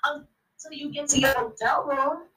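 Brief: high, bright woman, blunt and profane podcast guest, slightly off-mic. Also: unhurried, recorded from a distance, low-quality recording. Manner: blunt, animated, swears constantly. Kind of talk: profane storytelling.

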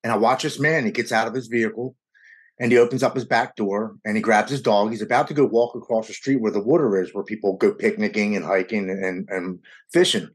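A man in his forties recounting his own story as a guest, his voice sitting on the lower side. He speaks earnestly and with feeling, often stumbling and restarting mid-sentence. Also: steady tone, fairly quick, slightly rough. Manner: earnest and emotional, with frequent stammered restarts. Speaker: guest sharing a recovery story. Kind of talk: personal storytelling in conversation.

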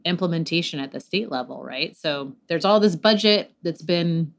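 A woman co-hosting a podcast, talking casually and animatedly, swearing freely with quick asides. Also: fairly low pitch, lively intonation, creaky. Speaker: podcast co-host. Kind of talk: casual chat.

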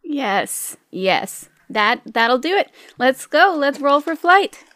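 A woman's voice: high-pitched, big pitch swings, slow, fairly bright tone, no room sound. A woman narrating a tabletop game as game master, chatty and often laughing.

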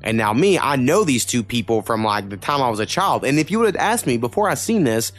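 A man's voice: mid-range voice, big pitch swings, a little fast, soft background music. A young man from Oklahoma in casual podcast chat, rambling with lots of fillers and swearing. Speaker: podcast co-host.

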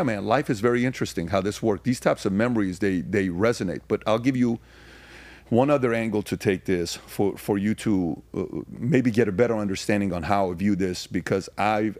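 Man, low voice, podcast guest, emphatic, rhetorical questions, dry close sound. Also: a little mellow, no echo. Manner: frequent fillers and restarts. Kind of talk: casual conversation, storytelling.

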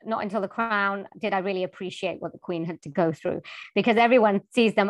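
A British woman, a voice-over artist, chatting as a guest in a remote interview, lively and talkative. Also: medium pitch, a little fast, dry recording. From United Kingdom. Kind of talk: casual interview chat. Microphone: remote call.

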